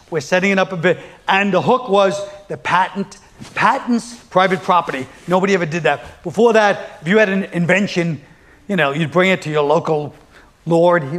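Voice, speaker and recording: A man's voice: high voice, a little fast, a bit bright. A man doing stand-up comedy, riffing in a rambling, profane, sardonic way and acting out quotes.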